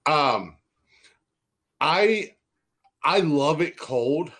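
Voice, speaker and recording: A man's voice: a little high, expressive, very slow, fairly bright tone. A young man hosting a podcast, telling stories in a rambling, profane way and often stammering into restarts. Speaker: podcast host. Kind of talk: casual podcast banter.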